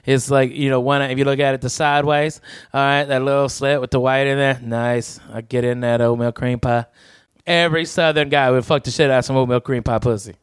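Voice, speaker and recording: A man's voice: medium pitch, fairly even intonation, a little fast, smooth. A man hosting a podcast, talking in a boisterous, profane, rowdy way. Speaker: podcast host. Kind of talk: crude comedic banter.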